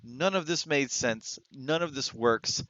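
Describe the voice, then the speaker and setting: A man's voice: mid-range voice, a little slow, fairly bright tone, muffled recording. A man reviewing a movie in a blunt, exasperated rant, full of restarts and fillers. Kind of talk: ranting movie review vlog.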